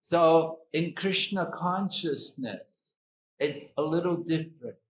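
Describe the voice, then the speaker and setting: A man giving an evening sermon as a swami, speaking slowly and deliberately with repetitions and asides. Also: fairly high pitch. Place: hall at an evening gathering. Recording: echoey hall.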